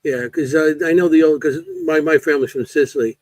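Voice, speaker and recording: A man with a fairly high voice chats casually on a podcast, halting and rambling as he restarts his sentences mid-thought. The sound is dry and close to the mic. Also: fairly even intonation, darkish tone, no echo. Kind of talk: casual chat.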